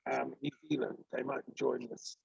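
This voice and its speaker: A man's voice with heavy gravel and husk comes through a muffled, lo-fi video call. He talks in an earnest, rambling way, full of ums. The sound is dry and close. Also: medium pitch, monotone, fairly quick, a little mellow, no room sound. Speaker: peace activist on a video call. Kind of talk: casual discussion. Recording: dull lo-fi call audio.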